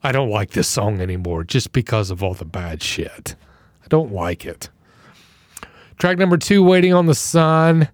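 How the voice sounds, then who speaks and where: A man co-hosting a podcast in casual chat, blunt and swearing freely, with a lot of swing in pitch and pace. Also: expressive, moderate pace, no echo. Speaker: podcast co-host.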